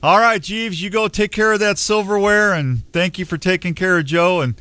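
Male talk radio host, joking and rambling, somewhat high voice, dry studio sound. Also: normal speed, pushed and bright, no room sound. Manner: joking, self-deprecating, rambling. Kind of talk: casual talk radio chat.

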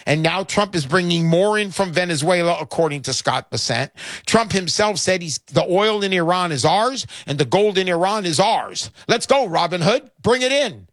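A man's voice: high-pitched, lively intonation, moderate pace, fairly bright tone, dry recording. A middle-aged man hosting a radio talk show, brash and emphatic, repeating his lines for effect. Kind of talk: talk radio with sales pitch.

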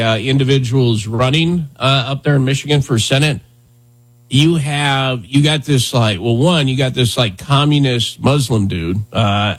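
A male radio host talking casually in a rambling, conversational way with lots of fillers. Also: medium pitch. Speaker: radio talk show host. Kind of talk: casual talk radio chat.

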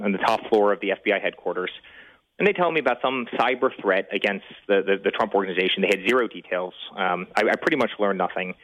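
A middle-aged man telling a story as an interview guest, talking quickly with many restarts and growing indignation. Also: fairly low pitch, fairly bright tone, poor audio. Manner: rapid, repetitive restarts, rising indignation. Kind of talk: fast animated storytelling.

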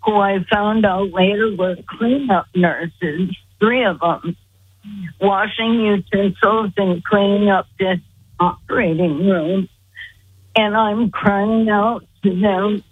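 A woman speaks slowly and earnestly, her voice very husky and breathy. She comes through a thin, tinny phone line with no room sound around her. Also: medium pitch, fairly even intonation, no room sound. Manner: slow, earnest storytelling. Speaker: guest. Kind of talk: telling a personal story. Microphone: phone call.

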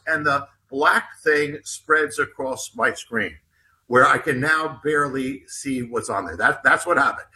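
A man's voice: a little high, pushed and bright. A man guesting as an author on an interview show, telling a personal story in a rambling way with many restarts and repeated words.

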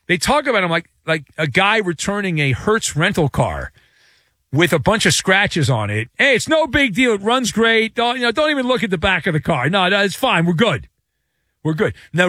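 A man's voice: a little high, no room sound, studio quality. A man hosting a sports talk show, giving sarcastic, opinionated commentary and mocking the team he discusses. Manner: animated, sarcastic, mocking quarterbacks and owners.

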